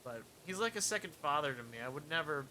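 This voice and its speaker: A man streams a cleaning game, offering casual gameplay commentary through muttered asides and dry jokes about his progress. His voice is a little high and fast, with lively intonation and a sharp tone, plus a little hiss or hum.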